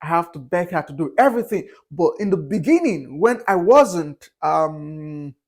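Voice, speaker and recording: High-voiced man rambling casually. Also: expressive, measured pace. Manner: candid, rambling, with frequent fillers and restarts. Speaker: vlogger. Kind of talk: casual opinion monologue.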